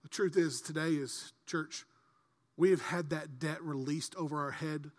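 Impassioned pastor preaching in a reverberant church. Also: male voice, fairly high pitch, steady tone, measured pace. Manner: swings from quiet earnest asides to loud impassioned preaching. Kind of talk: sermon. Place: large church hall.

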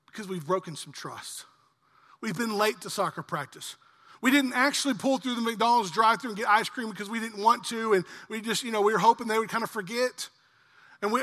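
Guy in his 40s preaching a sermon, high bright voice, big hall reverb on it. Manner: earnest, swells louder on emphatic lists and slows to stress key lines. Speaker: pastor. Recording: long reverb of a church hall.

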